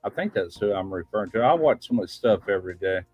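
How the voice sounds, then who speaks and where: A man's voice: lowish voice, lively intonation, fast, a little mellow, husky, no echo, soft background music. A man hosting a casual live-stream chat, rambling in a folksy, plain-spoken way. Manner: rambling, folksy, drops "ain't". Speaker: host. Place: home studio live stream.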